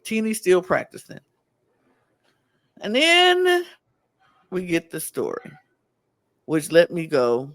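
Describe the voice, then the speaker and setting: A man's voice: high-pitched, takes it slowly, pauses often. A man co-hosting a podcast in casual chat, acting out quotes from the show. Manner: animated, acts out quotes from the show. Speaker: podcast co-host.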